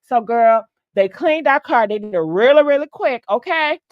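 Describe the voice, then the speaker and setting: A woman hosting a stream, telling a story in a chatty, animated way, swearing freely and calling the listener "girl.". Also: on the high side, moderate pace, no echo, dull audio. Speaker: host. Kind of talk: casual storytelling on a live stream.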